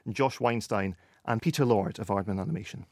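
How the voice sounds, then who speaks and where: A man presenting a podcast, reading a brisk, neat link to the next clips. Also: lowish voice, a little mellow, no echo, studio quality.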